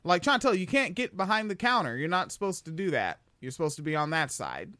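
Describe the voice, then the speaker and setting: A man's voice: a little high, sing-song, fast talker, bright, forceful tone, a little hiss or hum. A man hosting a casual news podcast, sarcastic and profane as he reacts to clips. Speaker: podcast host.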